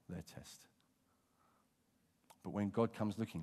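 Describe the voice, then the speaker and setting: Expressive British preacher, church echo. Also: male voice, mid-range voice, moderate pace. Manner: expressive, dramatic, swings from hushed to emphatic. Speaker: pastor. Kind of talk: sermon. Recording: long reverb of a church hall.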